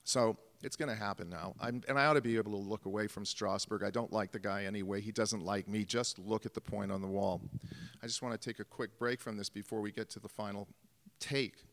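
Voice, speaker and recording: A man's voice: fairly low pitch, steady tone, brisk, fairly bright tone, big-room sound. A man, an actor, telling a story about a film shoot on stage, acting out the scenes vividly. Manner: vivid, acts out scenes and calls. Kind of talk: live storytelling.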